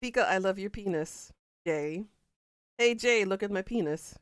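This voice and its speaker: A woman's voice: mid-range voice, moderate pace, clear, resonant tone, no room sound, studio quality. A woman streamer in casual live-stream chat, playful and bawdy, reading out chat quotes and laughing along. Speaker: game streamer.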